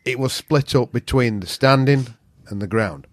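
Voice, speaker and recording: A man's voice: mid-range voice, moderate pace, no room sound. Yorkshire man telling a story. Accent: Yorkshire English. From Northern England. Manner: swears freely, animated storyteller who acts out quotes. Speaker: podcast guest. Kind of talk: casual storytelling.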